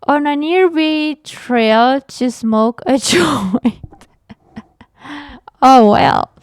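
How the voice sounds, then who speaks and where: A young woman reading a scary story aloud, halting to react with gasps and nervous laughs. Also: high-pitched, dry recording, studio quality. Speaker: horror story reader and reactor.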